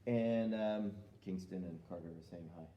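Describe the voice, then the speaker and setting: A man teaching a children's jiu-jitsu lesson in a calm, patient way, asking the student questions. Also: low voice, normal speed, reverberant, muffled recording. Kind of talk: live-streamed kids' lesson. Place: martial arts school.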